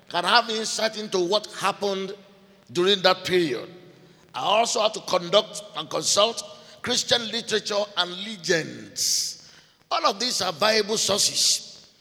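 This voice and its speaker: A man teaching a sermon in a deliberate way, repeating key phrases and spelling out names letter by letter. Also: sits high, vocal fry, sharp tone. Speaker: preacher. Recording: long hall reverb.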